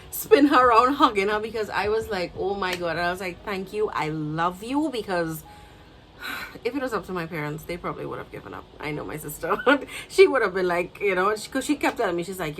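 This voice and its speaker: A young woman with a Trinidadian accent tells a personal story to her channel. Her voice sits fairly low, and she acts out each exchange with real feeling. A faint hiss of background noise runs under the recording. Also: poor audio. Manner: animated, emotional storytelling with quoted dialogue. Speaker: vlogger. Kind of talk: storytime vlog.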